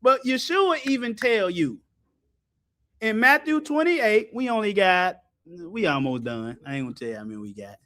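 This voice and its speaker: A man preaches in a high voice that swings all over. He is loud and colloquial, laughing and breaking into shouts. His pitch leaps from line to line. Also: very animated, normal speed. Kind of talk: animated sermon with scripture call-and-response.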